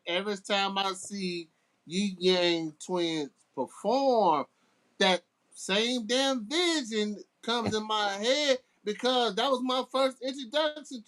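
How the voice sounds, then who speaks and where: A man's voice: high voice, takes it slowly, fairly bright tone. A middle-aged man, a guest DJ, telling casual stories in a laid-back way, often restarting his sentences. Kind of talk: casual storytelling.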